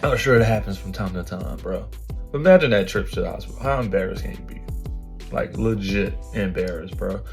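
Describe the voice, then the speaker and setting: A man's voice: low voice, a little fast, gravelly, faint music behind. A man hosting a podcast, reacting to clips in casual, slangy commentary with laughing asides. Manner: slangy, laughing asides, calls listeners bro.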